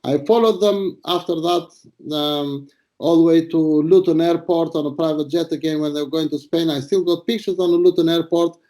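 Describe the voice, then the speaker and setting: Blunt, crude, high-voiced man from Albania. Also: fairly even intonation, moderate pace, dark tone. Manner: blunt, crude, boastful, rambling. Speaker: retired paparazzo. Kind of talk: casual interview storytelling.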